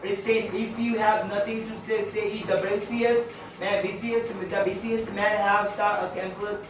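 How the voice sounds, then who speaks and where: A man teaching a class on figures of speech, speaking haltingly with many fillers and repeated phrases. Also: sits high, little pitch movement, background noise. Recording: echoey room, distant lo-fi mic.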